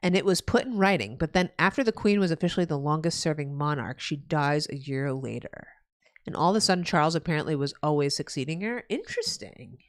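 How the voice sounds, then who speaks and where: A young woman from New Jersey streaming live, chatting casually and ranting with heavy swearing. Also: fast. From New Jersey, USA. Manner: profane ranting, loud swings in pitch. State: pregnant.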